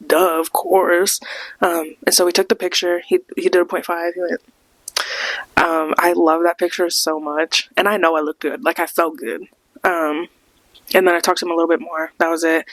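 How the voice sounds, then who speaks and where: A woman's voice: fairly low pitch, fairly bright tone, dry recording. A young woman hosting a podcast, telling a rambling concert story with a lot of swearing and acting out what people said. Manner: rambling, swears a lot, acts out quoted voices. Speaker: podcast host. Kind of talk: casual storytime monologue.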